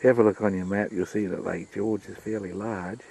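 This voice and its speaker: A man's voice: lowish voice, steady tone, normal speed, gravelly, slightly rough, poor audio. A man, narrating a casual travel vlog outdoors on the coast and chatting to his dog. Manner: chatty, talks to his dog, repeats himself. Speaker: travel vlogger. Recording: loud wind noise outdoors.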